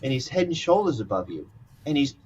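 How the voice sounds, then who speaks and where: Animated man on a dull, distant mic. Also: medium pitch, fairly quick, slight background noise. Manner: laughs along, eager listener. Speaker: show host. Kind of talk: casual chat.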